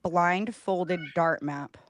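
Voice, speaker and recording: A woman's voice: on the low side, drawn-out words. Playful woman co-hosting a live stream. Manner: playful and joking. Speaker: co-host of a live real estate stream. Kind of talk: casual live-stream chat.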